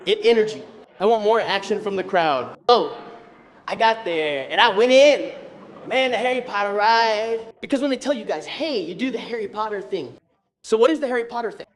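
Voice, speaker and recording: A man from Brazil telling a stand-up comedy story on stage, animated and bursting into shouted exclamations. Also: sits high, a little hiss or hum.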